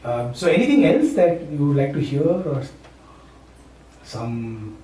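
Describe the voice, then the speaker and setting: A man's voice: fairly high pitch, sing-song, a little slow, warm tone. A man from Maharashtra, giving an informal spiritual talk. He speaks conversationally, often checks with "right?" and chuckles. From India, Maharashtra. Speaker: satsang speaker, university teacher. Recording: echoey room, far from the mic, faint hum.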